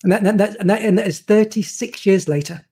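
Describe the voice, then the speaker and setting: A man, a photographer telling anecdotes in an animated way, often stumbling and repeating words. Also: sits high, brisk, slightly rough. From England. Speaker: guest photographer. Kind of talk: anecdotal storytelling.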